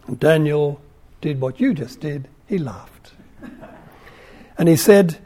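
A man's voice: on the high side, expressive, a little slow, long pauses, mellow, breathy edge. A man teaching a class, reading a scripture story aloud and adding wry, conversational asides.

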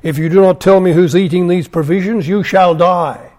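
A man's voice: high-pitched, steady tone, normal speed, a little mellow, lightly acted. A man reading a stern, hot-tempered ancient king. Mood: commanding. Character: stern ancient male king, quick to anger.

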